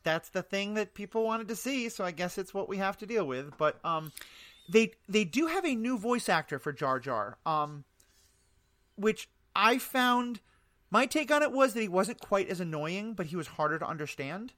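A man's voice: high-pitched, very animated, normal speed, sharp tone, no echo. A man hosting a casual podcast discussion, talking with frequent ums and restarts as he recaps episodes. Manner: hesitant, many ums, recaps plot. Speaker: podcast host. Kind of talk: casual chat.

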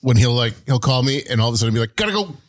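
A married man chatting casually with friends, laughing often and tossing in quick quips. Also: medium pitch, little pitch movement. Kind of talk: casual group chat.

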